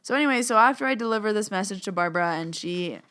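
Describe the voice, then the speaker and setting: A woman hosting her own podcast, telling a personal story in a chatty, animated way and acting out what people said. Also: medium pitch, fast talker, clear, resonant tone. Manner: chatty, animated, acts out quoted dialogue. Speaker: podcast host and medium. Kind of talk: casual storytelling monologue.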